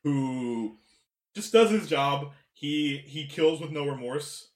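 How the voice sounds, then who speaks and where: A man hosting a casual film discussion podcast, animated, swearing, with many fillers and restarts. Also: on the high side, slow pace. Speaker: podcast host. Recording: roomy echo.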